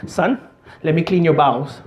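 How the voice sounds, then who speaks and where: Man putting on older father, thick Indian accent, broken English, muddled words, fairly high voice. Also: normal speed, close to an everyday voice. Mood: earnest.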